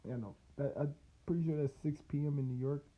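A man's voice: fairly high pitch, fairly even intonation, fast talker. A man hosting a casual solo podcast, talking loosely and profanely, rambling with laughs and restarts. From United States. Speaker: podcast host. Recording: tinny phone-like line.

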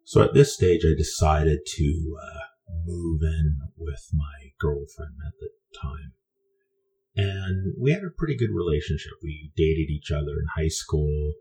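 A man's voice: very deep voice, expressive, measured pace, mellow, soft background music. A man from Canada telling a personal story in a meandering, conversational way, often restarting his sentences.

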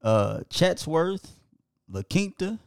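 A podcast co-host reads off his listeners' towns at an unhurried pace, with a gravelly rasp in his voice. He stumbles over names he can't pronounce and apologizes good-naturedly. The sound is dry, with no room echo. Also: fairly high pitch, big pitch swings. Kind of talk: casual podcast shout-outs to listeners.

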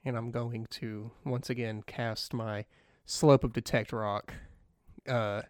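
A man's voice: mid-range voice, steady tone, slow pace, no room sound, clean studio sound. A man playing a tabletop game, describing his character's actions hesitantly with many fillers. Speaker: player. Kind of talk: casual tabletop game play.

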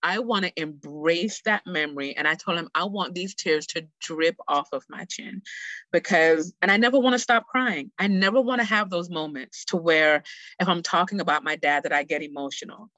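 A middle-aged woman speaking as a guest, telling a personal story in an earnest, heartfelt, animated way. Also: on the low side, dry recording, low-quality recording.

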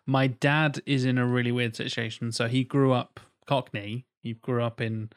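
A man from England, co-hosting a podcast, telling animated family stories and swearing freely in casual chat. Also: mid-range voice, normal speed, smooth, dry recording, studio quality. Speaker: podcast co-host.

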